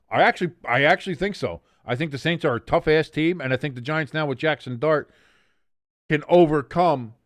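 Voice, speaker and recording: Smooth-voiced man calling plays on stream. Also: medium pitch, no room sound. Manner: excitable, swears and jokes with chat. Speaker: host of a watch-along stream. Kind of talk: casual play-by-play commentary.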